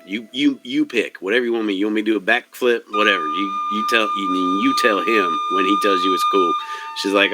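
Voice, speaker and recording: A man narrating a tabletop game as game master in a loose, rambling way, switching quickly between characters' lines. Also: fairly low pitch, music in the background.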